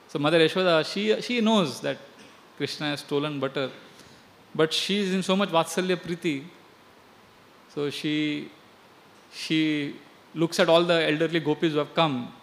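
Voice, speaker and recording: An earnest man tells a devotional story with a slightly high voice, now and then restarting his words. A long hall reverb trails every phrase. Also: moderate pace, pauses often. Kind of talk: devotional storytelling, chanting verses.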